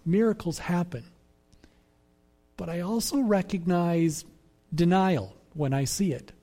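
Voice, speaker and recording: A man preaching a sermon as pastor, in a measured, reflective way that repeats phrases for emphasis. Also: high-pitched, warm tone.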